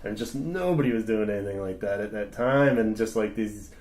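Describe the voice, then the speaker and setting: A man's voice: fairly low pitch, brisk, a little mellow. A man in his forties co-hosting a podcast, talking loosely and enthusiastically, swearing casually. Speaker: podcast co-host. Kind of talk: casual chat.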